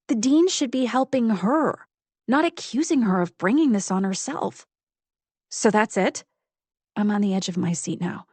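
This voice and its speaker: A woman's voice: medium pitch, darkish tone, no echo. A woman narrating a first-person psychological thriller audiobook with intense, building fury.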